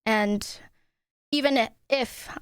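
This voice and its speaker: A woman streamer hams it up as the accused in a joking courtroom role-play. Her voice sits a little high and sounds smooth and clear. The recording is close and dry. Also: extremely slow, dry recording. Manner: playful, dramatic, mock-wounded. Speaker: streamer on trial in a mock court.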